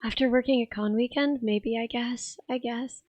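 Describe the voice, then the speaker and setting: A young woman with a hoarse, raspy voice, chatting casually on a live stream and laughing as she reads chat. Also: a little high, steady tone, normal speed, a little mellow, dry recording. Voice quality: rough, raspy voice. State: hoarse, tired voice.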